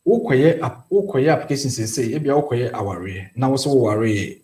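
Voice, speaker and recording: A man's voice: medium pitch, animated, fairly quick, mellow, roomy sound. A man with a Ghanaian accent, a lawyer giving legal advice on a talk show, explaining at length and mixing English with Twi phrases. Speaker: immigration lawyer.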